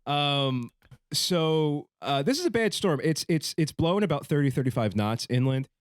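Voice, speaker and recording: A man's voice: on the high side, animated, normal speed, clean tone, dry recording, clean studio sound. A man hosting a podcast in casual chat, rambling with fillers and swearing. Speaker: podcast host.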